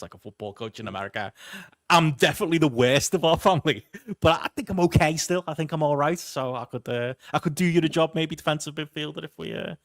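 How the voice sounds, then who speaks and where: A man's voice: mid-range voice, no echo, studio quality. A man from Liverpool hosting a podcast, rambling with lots of fillers and reading out the live chat. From Liverpool, England. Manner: rapid, rambling, many fillers. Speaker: podcast host.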